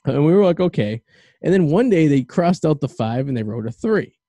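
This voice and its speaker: A man's voice: on the high side, big pitch swings, fairly quick, warm tone, no echo. A man hosting a podcast in casual chat, rambling and stammering through restarts. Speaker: podcast host.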